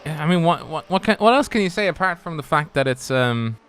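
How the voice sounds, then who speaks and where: A man's voice: on the high side, animated, a little fast, a bit bright, clear, resonant tone. A man doing casual, rambling live sim racing commentary. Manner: rambling, chatty, lots of restarts. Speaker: race commentator.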